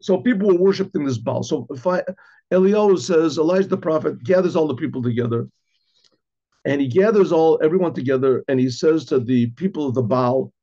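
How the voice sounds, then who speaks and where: Husky rabbi teaching a casual class. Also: male voice, fairly high pitch, fairly quick, dark tone. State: clears his throat often. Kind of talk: informal Torah class. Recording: dull lo-fi recording.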